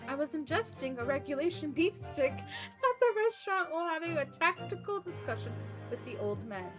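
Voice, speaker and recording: A woman's voice: high-pitched, very animated, moderate pace, over music. A woman voicing a stiff, boastful young military man in a courtroom game.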